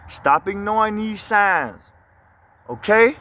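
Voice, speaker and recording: Blunt high-voiced preacher man. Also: expressive, normal speed, fairly bright tone. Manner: blunt, preachy, scolding, rhetorical questions. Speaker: inspirational speaker. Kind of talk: motivational preaching monologue.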